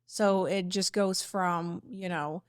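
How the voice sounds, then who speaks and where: A woman's voice: on the low side, fairly even intonation, takes it slowly, clean tone, no echo, clean studio sound. A woman co-hosting a faith-based discussion, speaking in a thoughtful, conversational way.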